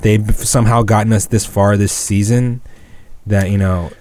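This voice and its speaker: A man's voice: fairly low pitch, fairly even intonation, moderate pace, darkish tone, dry recording. A young man chatting bluntly about baseball on a podcast, swearing and getting heated. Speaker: podcast co-host. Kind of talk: casual sports chat.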